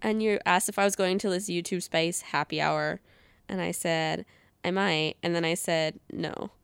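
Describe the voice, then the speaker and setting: Female podcast host, giggly and playful, clear voice, dry studio sound. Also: on the low side, fairly even intonation, moderate pace, dry recording. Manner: giggly, reads old messages aloud with playful voices. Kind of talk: casual chat.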